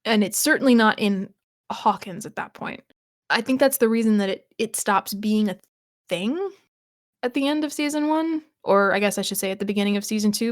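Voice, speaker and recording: A podcast co-host, this woman chats loosely about a TV episode, laughing often and reworking her sentences mid-stream. Her voice is medium in pitch, and the studio recording is clean with no room sound.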